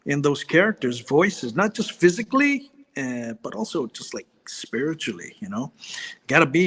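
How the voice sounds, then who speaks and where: Laid-back man, slightly high voice. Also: fairly bright tone. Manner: easygoing, laughs often, says "you know, man". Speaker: guest comedian. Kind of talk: casual chat.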